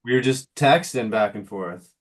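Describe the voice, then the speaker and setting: A man's voice: fairly low pitch, moderate pace. A man guest chatting casually in a laid-back way, calling people bro and man. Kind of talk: casual chat.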